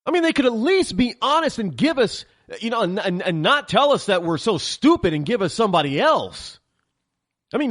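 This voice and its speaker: A man's voice: high-pitched, fairly bright tone, no echo, studio quality. A man hosting a political talk show, ranting heatedly in a monologue and often stammering and restarting.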